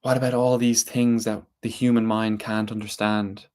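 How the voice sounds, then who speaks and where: A man voicing a female water spirit in a storytelling piece, speaking in a hushed, repeating, reproachful way. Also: fairly low pitch, flat delivery, moderate pace, close to an everyday voice.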